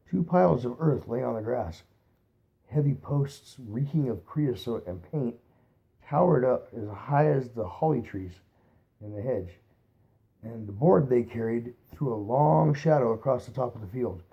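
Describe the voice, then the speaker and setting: Mellow-voiced man reading a novel aloud. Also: medium pitch, animated, gravelly. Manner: unhurried, re-reads stumbles aloud. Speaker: reader.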